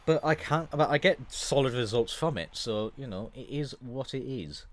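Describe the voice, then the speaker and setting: A young man giving excitable, fast-moving play-by-play of his own racing game, swearing when things go wrong. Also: mid-range voice. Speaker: gaming YouTuber. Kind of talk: live racing game commentary.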